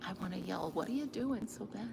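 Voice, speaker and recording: Loud rushing water fills this outdoor clip of a woman vlogging by a river, talking into her phone. Her mid-range voice is gravelly, expressive and brisk, and she's amused, frequently dropping almost to a whisper in the casual chat.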